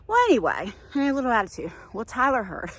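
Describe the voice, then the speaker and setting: A woman's voice: fairly high pitch, expressive, fast talker, a bit bright, dry recording. A woman in her forties telling a story in a chatty walk-and-talk vlog outdoors on a nature trail, filming herself on a handheld phone. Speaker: vlogger.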